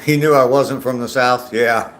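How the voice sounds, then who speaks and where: Out on a walk, an older Ohio man hosts his daily livestream, reading viewers' names aloud, greeting them, and chatting back with many ums. His mid-range voice is steady at a moderate pace, with a little hiss or hum on the audio.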